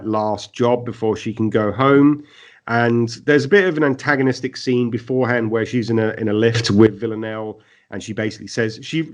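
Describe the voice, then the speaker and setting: A man chatting about television on a podcast. His voice sits a little low, and he speaks in an animated, rambling way with many fillers and restarts. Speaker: podcast co-host. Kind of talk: casual TV review chat.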